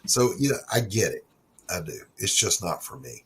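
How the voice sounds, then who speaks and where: Low-voiced laid-back man telling stories. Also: big pitch swings, moderate pace, a bit bright, slight background noise, poor audio. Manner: laid-back storyteller, swearing freely. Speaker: stream host. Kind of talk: casual chat.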